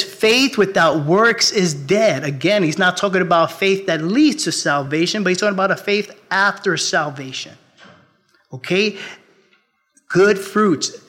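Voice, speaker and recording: Earnest preaching pastor, man. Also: sits high. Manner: earnest preaching, swings from loud appeals to hushed storytelling. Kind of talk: sermon. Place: church.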